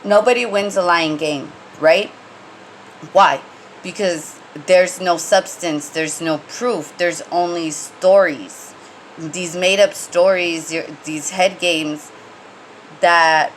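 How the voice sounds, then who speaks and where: A woman's voice: fairly low pitch, steady tone, takes it slowly, slight background noise, poor audio. A woman giving a casual tarot reading, rambling and conversational with many fillers and restarts, and blunt when she gets heated. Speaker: tarot reader.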